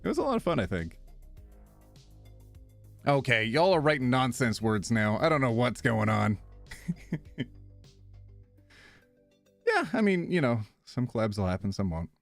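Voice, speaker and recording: A man with a gravelly, mid-range voice speaks a little slowly with long pauses, soft music playing behind him. During his live stream he chats casually with viewers, animatedly reading their messages aloud and laughing often.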